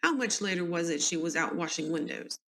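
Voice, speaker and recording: A woman's voice: lowish voice, animated, brisk, a bit bright, slight background noise. A woman with a Southern US accent reading the questions of a male inquest official, in a plain reading voice. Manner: plain questioning read from transcript.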